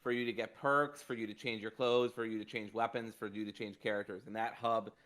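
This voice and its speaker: A man chatting on a gaming podcast. He tells his stories in animated bursts. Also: lowish voice, brisk. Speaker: podcast panelist. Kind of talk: casual podcast chat.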